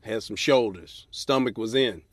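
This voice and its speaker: Comedian, male, low-pitched, cusses through a loose solo podcast rant from his car, dry close sound. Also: measured pace, dry recording. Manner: profane, ranting, mocks others in high falsetto voices. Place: sitting in a car in a parking lot.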